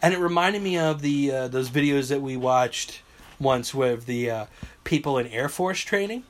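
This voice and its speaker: A man's voice: medium pitch, moderate pace. A man hosting a casual podcast, telling stories with lots of energy and acting out people's reactions, recorded on a phone. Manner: animated storyteller, acts out reactions and screams. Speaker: podcast host. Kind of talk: casual chat.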